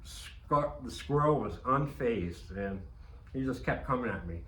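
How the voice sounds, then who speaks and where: A man tells a loose, meandering story, full of restarts and casual swearing. His voice is bright and forceful. The room around him is echoey, with a faint hum of ambience behind. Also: medium pitch, expressive, a little slow. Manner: rambling, profane, frequent restarts and fillers. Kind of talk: casual anecdote.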